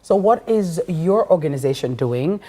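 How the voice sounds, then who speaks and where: A woman's voice: on the low side, lively intonation, moderate pace, warm tone. A woman from Jamaica co-hosting a TV morning show, chatting and interviewing a guest.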